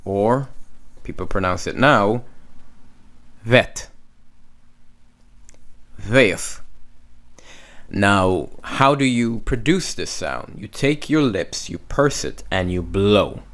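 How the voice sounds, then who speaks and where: A man's voice: fairly low pitch, very animated, slow, fairly bright tone. A man teaching Hebrew letters, patiently repeating each sound and stroke several times. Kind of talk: slow step-by-step lesson.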